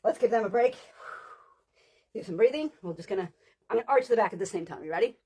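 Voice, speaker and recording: A woman leads a live ab workout, calling out each rep with punchy energy. Her voice is airy and a little husky. Between sets she drops into easy, chatty asides. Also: mid-range voice, expressive, quick pace, darkish tone. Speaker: fitness instructor. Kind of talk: live workout class, counting reps. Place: at work, on the floor.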